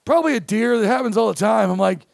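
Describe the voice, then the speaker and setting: A man, a comedian, telling a story in casual chat, animated and profane, acting out the quoted lines. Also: high-pitched, fast talker, creaky, dry recording, studio quality. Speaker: comedian guest.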